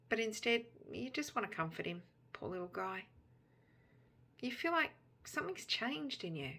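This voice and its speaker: A woman narrates a Bible story in the second person, drawing the listener into the scene. Her voice is bright and clear. The delivery is intimate and immersive. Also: mid-range voice, lively intonation, moderate pace. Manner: intimate, immersive, turns softer in quiet moments.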